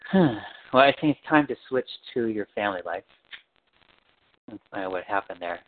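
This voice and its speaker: A man leading an interview, asking calm and steady questions about family background. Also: on the low side, normal speed. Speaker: interviewer, counselor. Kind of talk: guided interview. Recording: tinny phone-like line.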